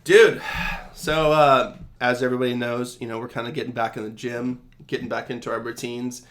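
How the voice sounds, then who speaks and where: A man's voice: mid-range voice, a little fast. Chill young guy on a podcast, rambling story, says dude and bro a lot. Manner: animated storyteller, acts out voices, laughs often. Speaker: podcast co-host. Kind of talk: casual chat.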